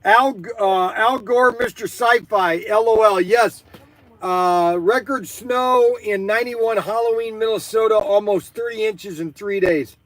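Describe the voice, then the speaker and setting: A man hosting a live stream in casual chat, rambling and excitable with many fillers. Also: high-pitched, unhurried.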